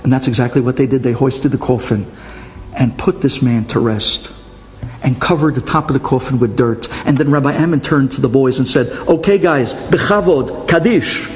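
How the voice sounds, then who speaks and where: A man, a rabbi, telling a story in an animated way with sudden jumps in pitch. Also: a little fast, faint music behind. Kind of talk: storytelling talk. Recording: long hall reverb.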